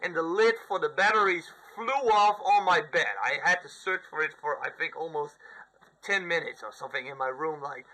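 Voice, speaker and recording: Slightly hoarse man rambling about games. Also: fairly high pitch, moderate pace, poor audio. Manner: rambling and candid, with mock shouted outbursts. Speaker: gaming vlogger. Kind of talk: casual gaming vlog. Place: room at home, sitting on a couch.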